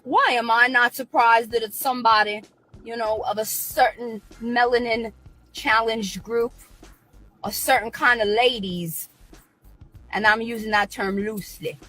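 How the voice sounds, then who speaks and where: Husky woman ranting on a live stream. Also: fairly high pitch, steady tone, measured pace, fairly bright tone, soft background music. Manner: combative, preachy, repeating herself.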